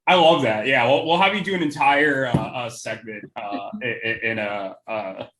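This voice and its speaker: Young male podcast co-host, mid-pitched, loose and chatty, laughs a lot, lots of ums. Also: moderate pace, a bit bright. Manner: laughing often, many fillers. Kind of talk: casual chat.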